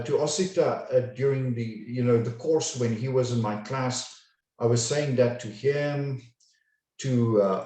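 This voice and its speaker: A man coaching a webinar audience, his mellow voice unhurried and each word deliberately enunciated. He sounds set back from the mic, with his voice ringing around a very echoey room. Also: mid-range voice, recorded from a distance. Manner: slow, deliberate, carefully enunciated. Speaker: communication coach. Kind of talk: webinar lecture.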